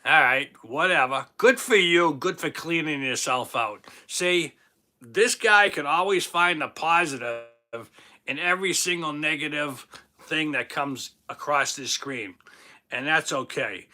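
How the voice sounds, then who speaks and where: This livestream host is a man in his fifties from Boston, Massachusetts, with the accent to match, joking and chatting while reading viewer comments. His voice is a little high and bright, a touch slow, with a forceful tone, and he's jokey, talkative and quick to tease himself.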